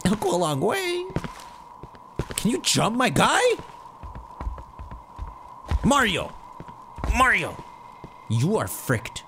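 A man giving casual, jokey let's-play commentary, talking to the game and shouting at it as he plays. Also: high-pitched, slow pace, pauses often, noisy background. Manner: excitable, jokey, yells at the game. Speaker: gaming streamer.

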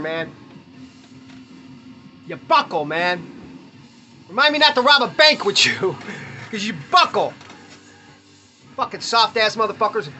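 A man's voice: very high-pitched, bright, forceful tone. A man hosting a podcast, ranting bluntly and profanely in casual talk while opening baseball cards, chuckling often. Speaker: podcast host.

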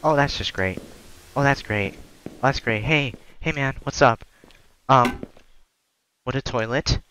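A man giving crude, profane let's-play commentary on a horror game, joking and yelling when scared. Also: medium pitch, unhurried, slight background noise, poor audio. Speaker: gamer playing a horror game.

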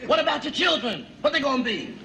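A brash, high-pitched sitcom father. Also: very animated, fast talker, a little hiss or hum, heavily acted. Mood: blustering. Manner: loud, abrasive, wisecracking. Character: brash, blustering, bigoted middle-aged father. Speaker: sitcom character. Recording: echoey 1970s sitcom, loud audience laughter.

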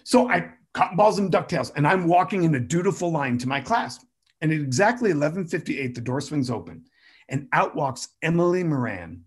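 A middle-aged man tells a funny story and swings his voice up and down as he acts out each quote. His voice sits high and a little husky. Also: fairly quick. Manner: animated, jokey, acts out quotes. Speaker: music education speaker. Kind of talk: storytelling talk.

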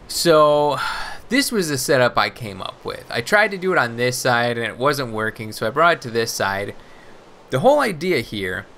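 A man with a mid-range, sharp-toned voice hosts a casual Minecraft let's play, rambling and thinking out loud. He makes self-deprecating asides about his building troubles, with slight background noise in the audio.

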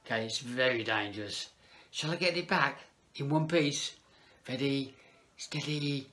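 A man's voice: mid-range voice, a little slow, bright, forceful tone, a little hiss or hum. Playful children's entertainer man. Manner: chatty, playful, talks to children and to a puppet. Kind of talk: children's party entertainer talk.

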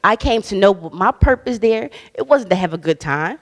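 A woman's voice: fairly high pitch, expressive, brisk, few pauses. A woman guest minister giving a casual, conversational sermon, emphatic and bold, with slang and frequent laughter. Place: church hall. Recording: long church hall reverb.

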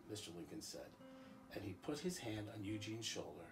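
A man's voice: lowish voice, very animated, normal speed, faint music behind. Man reading a picture book aloud. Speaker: school principal.

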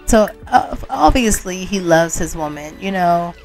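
A woman's voice: fairly low pitch, lively intonation, a little slow, creaky, music in the background. Chatty woman narrating her sims game. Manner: chatty, slangy, informal. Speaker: Sims gameplay storyteller. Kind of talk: casual gameplay commentary.

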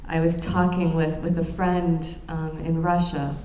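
A woman giving an academic lecture in an earnest, reflective way, often pausing and restarting her phrases. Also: sits low, flat delivery, warm tone, slight background noise. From United States. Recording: roomy lecture room with faint ambience.

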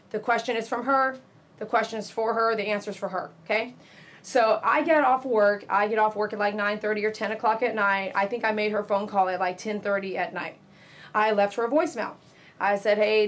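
A woman, a dog groomer chatting casually to her live-stream viewers while she works in her grooming salon. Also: mid-range voice. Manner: chatty and animated, mimics callers loudly.

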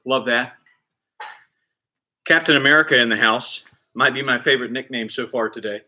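Bright, upbeat man coaching kids' PE. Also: mid-range voice, normal speed. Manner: energetic, playful cheering and counting; shouts with excitement during exercises. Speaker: kids PE coach. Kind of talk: live online kids exercise class.

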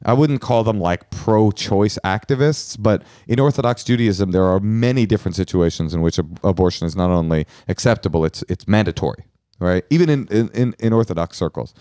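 Male podcast cohost, low voice, very animated delivery, dry close mic. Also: brisk, no echo. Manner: rambling, animated storytelling with restarts. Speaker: podcast host. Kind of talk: casual comedic chat.

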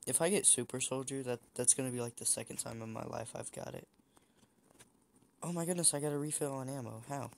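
A man's voice: medium pitch, a little fast, vocal fry, darkish tone, slight background noise. A young man giving casual, chatty commentary while playing a shooter game, teasing the other players. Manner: chatty, teasing opponents, frequent restarts. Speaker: gameplay streamer.

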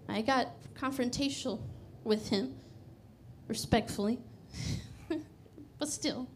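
A woman in her thirties preaches a sermon in a slightly high voice. She tells her story with feeling, rising to loud exclamations, dropping to near-whispers, and laughing between lines. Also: measured pace. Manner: animated storytelling, swings from loud exclamations to hushed confessions; laughs often through her words.

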